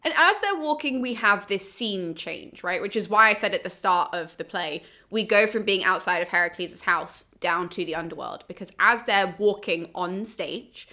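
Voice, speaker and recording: A woman host retelling an ancient comedy in a casual, animated way, laughing often as she goes. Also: fairly low pitch, normal speed.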